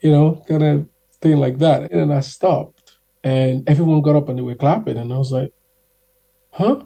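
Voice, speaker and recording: A young man telling stories in a casual, animated way as a guest, acting out the people he quotes. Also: fairly high pitch, normal speed, creaky. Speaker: guest singer. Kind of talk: casual storytelling.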